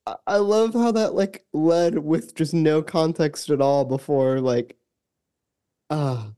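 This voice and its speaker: A man co-hosting a sports podcast, talking in halting, rambling sentences full of restarts. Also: a little high, mellow, clear, resonant tone. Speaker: podcast co-host. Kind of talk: casual sports podcast chat.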